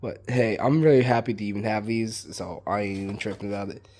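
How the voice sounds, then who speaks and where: A hoarse man talking casually through his fireworks collection, rambling and swearing freely. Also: lowish voice, fairly even intonation, brisk, a little mellow. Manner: rambling and profane. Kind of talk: casual chat.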